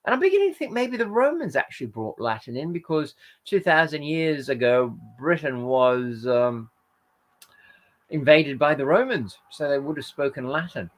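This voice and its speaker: A man's voice: on the high side, sing-song, normal speed. A tired man hosting a casual livestream, reading out viewer comments and rambling with lots of hesitations. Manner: rambling, hesitant, with frequent fillers and self-corrections. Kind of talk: casual chat.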